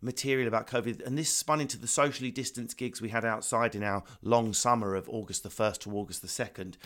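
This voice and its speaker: Fast-talking man with an Essex accent. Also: medium pitch. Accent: Essex English. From England. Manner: fast, energetic, swearing, acts out voices. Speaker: stand-up comedian guest. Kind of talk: animated casual interview chat. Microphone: remote video call.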